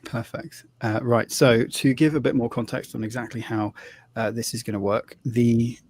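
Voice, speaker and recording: A man with a husky voice hosts a live tabletop role-playing stream, setting up the game. He talks casually and loosely, stopping to restart sentences and dropping in fillers as he goes. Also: mid-range voice, fairly even intonation, normal speed, a little mellow, no room sound. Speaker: host and game master.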